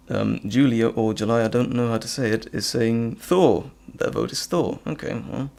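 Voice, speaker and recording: ざらついた声の男性配信者. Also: male voice, medium pitch, a little slow, creaky. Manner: relaxed, rambling, chuckling. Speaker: host. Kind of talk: casual live stream chat.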